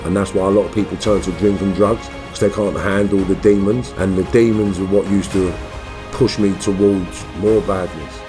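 A man's voice: deep voice, normal speed, faint music behind. A middle-aged man, a former gangster telling stories in an interview and swearing a lot. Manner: animated storytelling, acts out voices loudly, swears. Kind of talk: storytelling interview.

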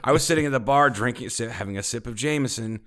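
A man's voice: medium pitch, quick pace, fairly bright tone. A man co-hosting a casual podcast chat, telling bar stories with plenty of swearing and acting out other people's lines. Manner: profane, storytelling, mimics people in raised voices. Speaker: podcast co-host.

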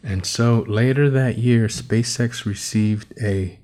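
A deep-voiced man reads an article aloud and riffs on it in loose, profane commentary. He stumbles over unfamiliar names and laughs at his own asides, and his slow delivery lets every comment land. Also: steady tone, warm tone. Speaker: host. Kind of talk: casual commentary reading an article.

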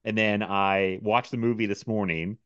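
A man's voice: fairly low pitch, fairly even intonation, moderate pace, fairly bright tone, clean tone, no echo. A man chatting casually on a podcast about a movie, rambling with lots of fillers. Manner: rambling, many fillers and restarts. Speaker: podcast co-host. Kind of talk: casual chat. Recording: dull lo-fi sound.

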